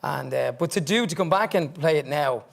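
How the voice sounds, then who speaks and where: A man's voice: a little high, animated, moderate pace, vocal fry. A middle-aged Irish man, a band member on a talk show, telling stories chattily and laughing easily. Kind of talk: anecdotal talk show chat.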